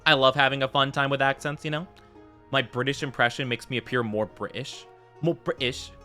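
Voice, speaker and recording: A man's voice: mid-range voice, fairly quick, pushed and bright, faint music behind. An American man chatting casually while streaming a game, rambling with lots of fillers and tangents. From United States.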